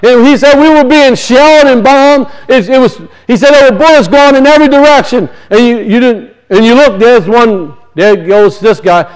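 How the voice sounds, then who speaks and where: Male preacher, very high voice, impassioned sermon delivery, repeats his points, swings between loud and hushed. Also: moderate pace, hardly any pauses, clear, resonant tone, rough recording. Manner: impassioned, repetitive, rising and falling emphasis. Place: church.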